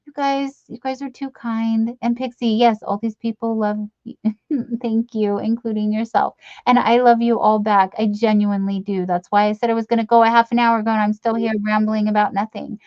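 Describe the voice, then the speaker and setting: A middle-aged woman hosts a late-night live stream, chatting and reading out comments in a rambling, giggly, affectionate way full of fillers. Her voice is on the high side and a little mellow. The recording is dry and lo-fi.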